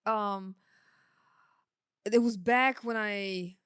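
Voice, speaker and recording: A woman's voice: medium pitch, fairly even intonation, drawn-out words, clear, resonant tone, no room sound, clean studio sound. A young woman, a sound engineer whose first language is not English, telling stories in a casual podcast chat, laughing often and using many fillers.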